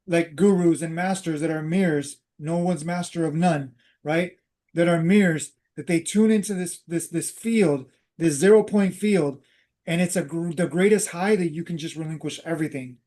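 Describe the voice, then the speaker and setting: A man's voice: on the high side, warm tone. A man hosting a talk, casually telling a personal story and drifting into spiritual teaching, with many fillers and restarts. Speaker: host.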